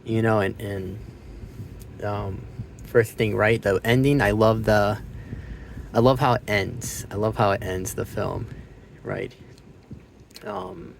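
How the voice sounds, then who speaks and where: In a slow, creaky voice on the low side, a man gives a rambling, casual movie review full of swearing, leaving long pauses and losing his train of thought. He gets loud and excited retelling scenes, and a little hiss or hum is audible.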